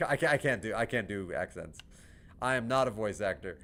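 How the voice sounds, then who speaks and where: A man's voice: on the low side, brisk, a bit bright, slight background noise. A man with an American accent giving casual gameplay commentary, chatty and self-deprecating, often laughing. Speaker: gaming livestreamer.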